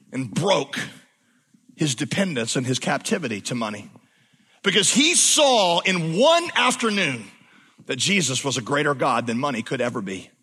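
A man preaching a sermon in a church, dropping to a slow hush for emphasis, then rising to loud exclamations. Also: fairly high pitch, husky. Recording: long hall reverb.

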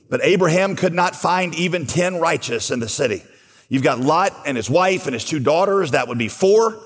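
A man's voice: on the high side, expressive, a little fast, fairly bright tone. A man preaching a sermon, telling a Bible story and voicing its dialogue as he goes. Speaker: pastor. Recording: long hall reverb.

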